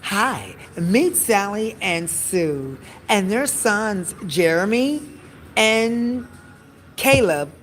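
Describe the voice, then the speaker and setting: A man voicing a chipper TV news presenter who announces in a bright, upbeat way. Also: high-pitched, lively intonation, drawn-out words, a little hiss or hum, pitched above the performer's own voice, exaggerated voice. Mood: cheery.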